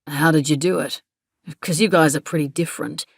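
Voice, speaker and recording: A woman's voice: sits low, steady tone, fairly quick, creaky, husky, no echo, studio quality, exaggerated voice. A woman voicing a blunt, curious young man who teases and swears casually.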